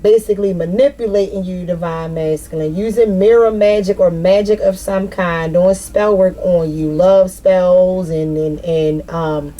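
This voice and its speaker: A woman's voice: lowish voice, steady tone, unhurried, few pauses, mellow. A woman giving a casual spiritual tarot reading straight to the viewer, rambling and swearing freely. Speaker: tarot reader.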